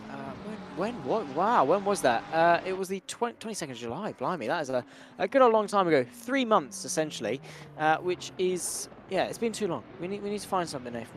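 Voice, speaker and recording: A man calls a sim race live in a somewhat high voice, rattling off names and places with breezy slang. Faint hiss sits under his voice. He sounds like a streamed desk mic. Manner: brisk, chatty play-by-play with British slang. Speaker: sim racing commentator.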